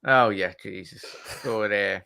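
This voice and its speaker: A man's voice: fairly low pitch, measured pace, vocal fry, pushed and bright, no room sound. A man hosting a casual live stream, chatty and teasing as he reads out chat messages. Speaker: host.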